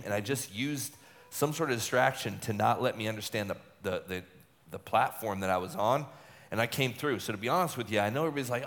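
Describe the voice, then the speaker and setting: A retired relief pitcher tells a story in an interview, a man of ordinary pitch who talks in a chatty, looping way and often repeats his words. His voice rings with a long hall reverb. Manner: chatty, repeats words, lively acted-out quotes.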